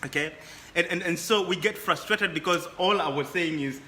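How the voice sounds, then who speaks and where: Man, guest, high voice, repeats words, echoey room. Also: normal speed, sharp tone, slight background noise. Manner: repeats words as he builds his points. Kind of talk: casual chat.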